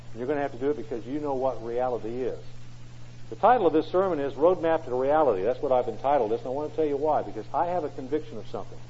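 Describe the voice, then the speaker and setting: A man's voice: mid-range voice, dark tone, slightly rough. A man preaching a sermon in an emphatic way, often asking rhetorical questions. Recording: dull lo-fi recording.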